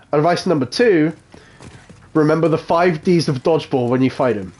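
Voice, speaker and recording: A man's voice: fairly high pitch, normal speed, darkish tone. A man chatting casually while live-streaming a game, laughing often and swearing offhandedly. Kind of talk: casual live gameplay commentary.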